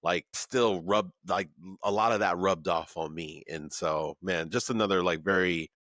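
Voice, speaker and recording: Podcast host: a low-voiced man on a dry, close track, keen and chatty. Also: unhurried, fairly bright tone, dry recording. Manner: enthusiastic, says "like" and "man" often. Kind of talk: casual interview chat. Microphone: remote recording.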